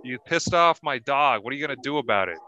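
A man's voice: medium pitch, animated, highs cut off, background noise, lightly acted. A man playing a stubborn, sarcastic male shut-in who refuses to go. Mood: defiant. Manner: mocking, slow and stubborn refusals.

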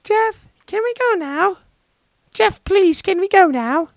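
A man's voice: extremely high pitch, expressive, slow pace, dry recording, clean studio sound, voice pushed up, heavily acted. A man voicing a pleading, insistent five-year-old girl in a comic podcast retelling. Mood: whining. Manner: whiny, insistent.

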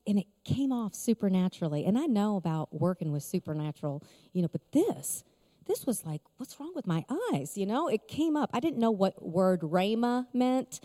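A woman's voice: mid-range voice, mellow. A middle-aged woman giving an emotional personal testimony at a conference, storytelling with frequent laughs. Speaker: conference speaker. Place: large conference hall. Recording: long hall reverb.

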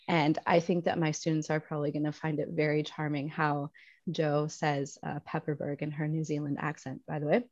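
A woman with a notably low voice walks through a psychology lesson, explaining patiently and tossing in playful asides. The sound is dull and dry, with no room around it. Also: darkish tone, no room sound. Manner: explanatory, casual asides and playful acted-out quotes. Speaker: teacher.

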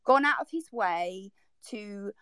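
A woman's voice: mid-range voice, expressive, slow, a bit bright, smooth, dry recording. A woman in a heated online group argument, exasperated and defensive, her voice leaping up when she is upset. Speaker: participant in a social audio chat.

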